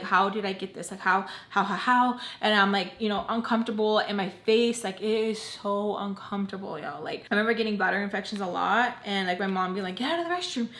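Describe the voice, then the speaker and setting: A woman's voice: medium pitch, fairly bright tone. A young woman telling a personal story casually as a vlogger, filling her speech with "like", talking straight to her viewers and slipping in Spanish words. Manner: chatty, heavy use of "like", addresses "you guys". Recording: echoey room.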